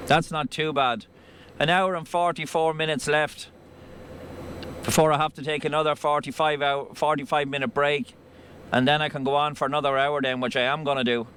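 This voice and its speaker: Irish man, truck driver, blunt and sweary, fairly high voice, road noise in the cab. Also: fairly even intonation, moderate pace, a bit bright. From Ireland. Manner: blunt, swears freely, rambling. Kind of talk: driving vlog commentary.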